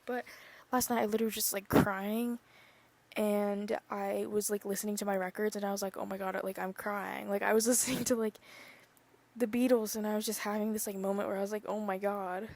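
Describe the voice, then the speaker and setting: Young woman, solo podcast host, rambling casual talk, gravelly fry in her voice, mid-pitched. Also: level tone, moderate pace. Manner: rambling, full of "like" and "literally", drifting soft. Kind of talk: casual chat.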